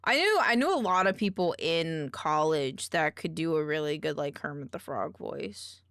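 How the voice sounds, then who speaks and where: A woman's voice: low voice, moderate pace, dry recording, studio quality. A woman streamer chatting casually and mumbling to herself while she edits videos.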